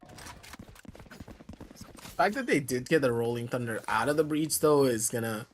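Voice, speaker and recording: A man casting a live esports match over a voice call, excitable and quick to shout at big plays. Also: mid-range voice, slight background noise. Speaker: esports caster. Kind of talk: live game commentary. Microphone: headset over voice call.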